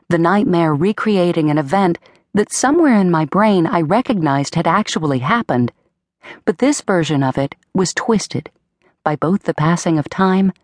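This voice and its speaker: A woman narrating an audiobook in a measured, dramatic first-person storytelling manner, on a close studio mic. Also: on the low side, darkish tone, no room sound. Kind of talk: scripted narration.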